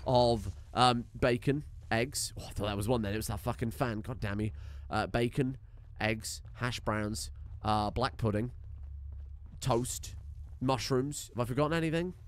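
A man's voice: medium pitch, a little slow. A man giving casual, jokey, rambling gameplay commentary as a streamer, swearing freely.

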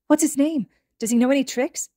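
Woman reader voicing a squealing, unhinged teen girl; high and bubbly. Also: lively intonation, quick pace, warm tone, dry recording, clean studio sound. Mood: excited. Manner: squealing, gushing.

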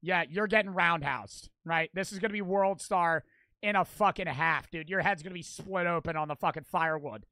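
A young man streaming a reaction, ranting loudly and profanely while mocking what he watches. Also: fairly high pitch, normal speed, no room sound. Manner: loud, profane, mocking rants. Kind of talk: crude live-stream reaction commentary.

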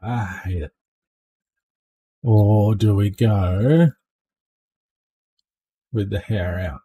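A man's voice: fairly low pitch, sing-song, slow, long pauses, a little mellow, slightly rough. A man chatting casually while he plays a game on stream, joking along and often ending lines with a questioning "eh?". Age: adult. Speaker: streamer playing a space game. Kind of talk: casual gameplay commentary.

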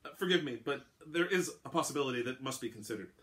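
A man's voice: medium pitch, animated, fast talker, a bit bright, voice pushed up, natural voice. A man voicing a formal, carefully polite male guard lieutenant in a fantasy crime story. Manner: formal, precise.

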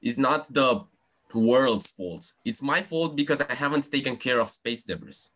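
A man's voice: mid-range voice, lively intonation, a little slow, a bit bright. A young man, a student debater, arguing his point insistently in a live rebuttal on a video call. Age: teenager or young adult. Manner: insistent, argumentative. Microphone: computer mic on a video call.

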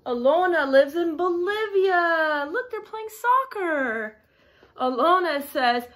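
Animated high-voiced woman reading to kids. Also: takes it slowly. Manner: sing-song, animated, with gasps and questions to the listener. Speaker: storybook reader for children. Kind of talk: reading a picture book aloud to young children.

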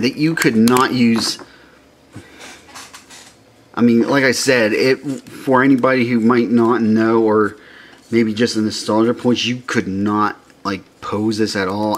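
A man gushing over toys in a casual unboxing vlog, excitable, with mumbled asides and swearing. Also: mid-range voice. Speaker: toy unboxing vlogger.

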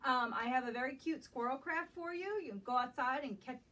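A woman librarian reading a picture book aloud at a children's storytime, gentle and animated, stopping to ask the young listeners questions. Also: high-pitched, brisk. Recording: distant mic with faint background noise.

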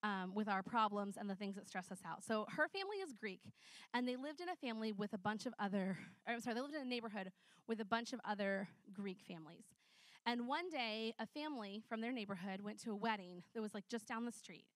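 A woman preaching a conversational sermon, telling stories in a chatty, animated way with many fillers. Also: medium pitch, fast talker, no echo.

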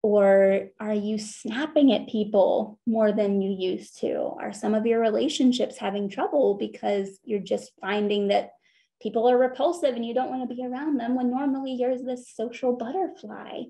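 A woman counselor giving an earnest, conversational talk on therapy at a church, slowing down to stress her points. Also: on the high side, steady tone, creaky, mellow.

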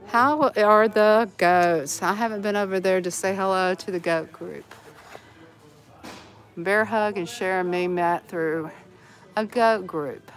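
A woman's voice: on the low side, steady tone, unhurried, pauses often, faint music behind. Chatty Southern woman vlogging while shopping. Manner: chatty, giggly, talks to viewers while browsing. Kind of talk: casual shopping vlog. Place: inside a large discount store.

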